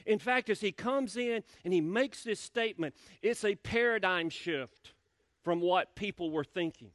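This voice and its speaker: A man's voice: high-pitched, unhurried, fairly bright tone, no room sound, clean studio sound. A male pastor preaching a sermon in a church, talking conversationally, repeating words and asking the congregation questions. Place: church sanctuary.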